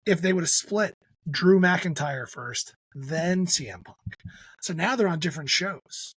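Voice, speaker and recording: A man co-hosting a podcast, talking sports and wrestling in a lively, joking way. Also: a little high, a little slow, husky, dry recording. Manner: animated, jokey wrestling fan talk. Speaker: podcast co-host. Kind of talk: casual chat.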